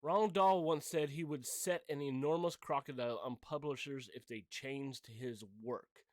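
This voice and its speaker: A man's voice: medium pitch, normal speed, no echo, studio quality. A middle-aged man hosting his own channel, delivering a blunt, heated, profane opinion rant. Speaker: channel host.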